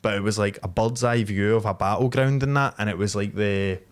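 A man's voice: on the low side, steady tone, fairly quick. Rambling Scottish young man, podcast host. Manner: rambling storyteller, swears freely. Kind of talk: casual chat.

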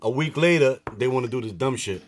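A man co-hosting a podcast in casual chat, joking and animated, breaking into sung lines and loud laughs. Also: mid-range voice, fast talker, slight background noise. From the Bronx, New York. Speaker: podcast co-host.

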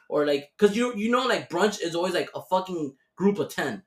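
Profane, animated male podcast host. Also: sits high, a little fast. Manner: profane, animated storytelling with acted-out voices. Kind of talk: casual storytelling rant.

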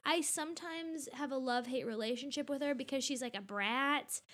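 A woman telling lively parenting stories in casual chat, acting out her child's lines. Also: high-pitched, brisk. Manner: animated storyteller who acts out her daughter's lines. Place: home in a big city.

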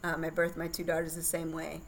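A young woman with a somewhat low-pitched voice talks as a podcast guest. She tells a personal story candidly and chattily, laughing easily along the way. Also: monotone, brisk, a little hiss or hum, low-quality recording. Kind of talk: casual birth story telling.

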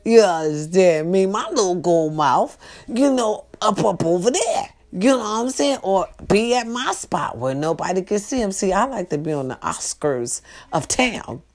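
A woman hosting a casual monologue for a live stream, talking straight to her viewers with loud outbursts and hushed asides. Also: on the low side, animated, moderate pace. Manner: tag questions, talks straight to her viewers. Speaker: host.

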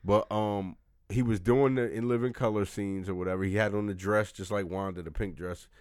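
A man co-hosting a casual chat, talking in an animated way and slipping into quick impressions. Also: fairly low pitch, clear, resonant tone, no echo, clean studio sound. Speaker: podcast co-host.

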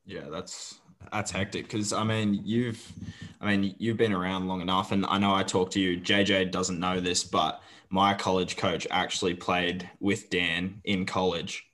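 Deep monotone guy cohost, stops and starts a lot. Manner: halting, filler-laden. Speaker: podcast co-host. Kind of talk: casual interview chat.

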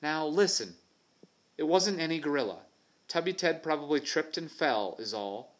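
A man's voice: fairly high pitch, lively intonation, normal speed, voice pushed up, natural voice. A man reading aloud voices a frightened boy who takes charge and calls out urgently for his lost friends. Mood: tense, firm. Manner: urgent, shouting.

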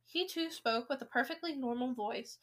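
A woman reading a children's novel aloud, with lively, expressive storytelling. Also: high-pitched, moderate pace. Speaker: reader.

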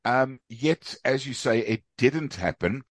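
A man's voice: mid-range voice, expressive, slow, dry recording. A man hosting a sports podcast, asking conversational questions of his guest. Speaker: podcast host.

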